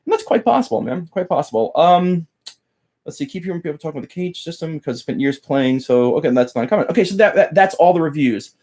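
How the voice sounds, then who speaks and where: A man's voice: a little high, animated, quick pace, darkish tone. A man teaching guitar on a casual live stream, rambling, chatting with viewers by name and losing his train of thought. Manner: greets chat viewers by name while teaching.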